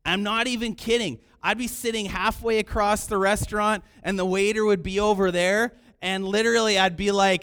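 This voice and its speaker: A man preaching a sermon in an animated way, sometimes raising his voice to act out the people in his story. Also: sits high, moderate pace, hardly any pauses. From Canada. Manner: animated preaching, acting out quoted cries loudly. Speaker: pastor.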